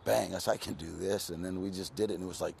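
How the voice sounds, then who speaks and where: Older man, sixties, from California, gravelly delivery, casual streetwise storyteller, faint background hiss. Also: sits low, steady tone, quick pace, darkish tone. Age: 60s. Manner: laid-back, streetwise storytelling with frequent "you know". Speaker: interview guest.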